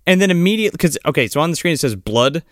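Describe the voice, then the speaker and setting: Profane man recapping with lively pitch. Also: rapid-fire, dry recording, studio quality. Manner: profane, storytelling, acting out quotes. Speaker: podcast co-host. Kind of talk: casual movie-recap chat.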